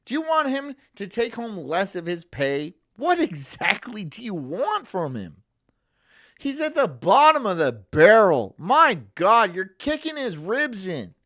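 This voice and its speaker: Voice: mid-range voice, very animated, a little slow, a bit bright. A streamer delivering a sarcastic, profane ranting monologue on a live stream, full of mocking asides.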